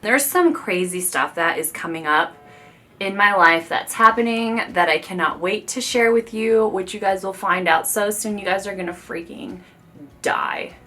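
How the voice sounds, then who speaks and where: Brief: bright-voiced woman in her 30s, beauty vlogger, chatty and gushing, talking straight to camera mic at home. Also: medium pitch, normal speed, soft background music. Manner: gushing, confiding, talks straight to viewers. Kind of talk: chatty get-ready-with-me talk. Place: at home doing makeup in front of a camera.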